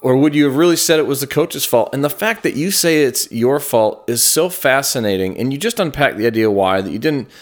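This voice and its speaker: Man, podcast co-host, casual chat, playful, reflective, coaching tone, mid-pitched. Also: lively intonation, brisk, hardly any pauses.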